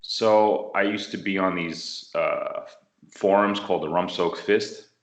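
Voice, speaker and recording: A man from the United States telling a martial arts story in an interview, animated and acting out what people said. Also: low voice, slow pace. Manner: animated storyteller, acts out quotes. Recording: roomy echo.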